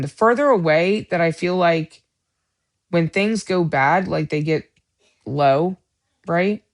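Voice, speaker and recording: A woman's voice: lowish voice, darkish tone. A middle-aged woman hosting a livestream Bible study, talking in an earnest, rambling casual chat with many fillers.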